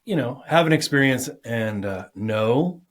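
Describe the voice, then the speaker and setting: Laid-back guy co-hosting a podcast, kinda husky, swears a lot. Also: medium pitch, animated, a little slow. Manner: laid-back, profane, reacting to drinks. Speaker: podcast co-host. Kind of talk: casual chat.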